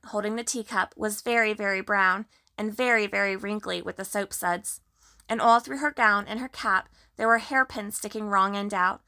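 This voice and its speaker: A woman narrating a children's storybook in a gentle, measured way. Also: medium pitch. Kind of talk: storybook reading.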